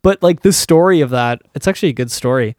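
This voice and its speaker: Animated young-sounding man chatting casually. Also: a little high, dry recording, studio quality. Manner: animated storytelling, quick asides. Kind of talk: casual chat.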